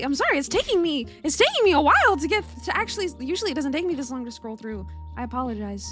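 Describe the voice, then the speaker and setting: A young woman with a high, bright-pitched voice talks casually on a live stream from her room. She rambles, restarts her sentences and giggles as she greets viewers one by one. Soft music plays faintly underneath. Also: big pitch swings, a little fast, hardly any pauses.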